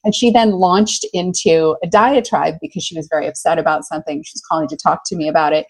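A middle-aged American woman, a love coach, talking enthusiastically in an interview and telling lively stories with easy laughter. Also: low voice, fast talker. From United States. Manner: enthusiastic, animated, laughs easily. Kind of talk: conversational interview storytelling.

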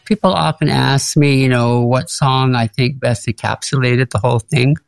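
A man's voice: medium pitch, normal speed, gravelly, dry recording, studio quality. An older man, a former music teacher, telling stories in an interview and laughing often. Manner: warm storytelling, laughs often. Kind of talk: reflective interview.

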